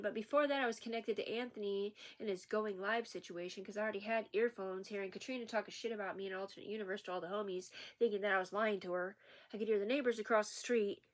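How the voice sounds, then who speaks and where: A woman ranting in an unscripted vlog, rambling, profane and agitated. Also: medium pitch. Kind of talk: unscripted rant to camera.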